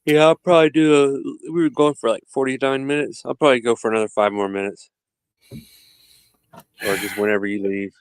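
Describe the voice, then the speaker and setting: A man hosting a podcast, chatting casually and telling animated stories with frequent laughter. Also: medium pitch, quick pace, few pauses, clean tone, no room sound. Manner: animated storyteller, laughs often. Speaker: podcast host. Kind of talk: casual chat.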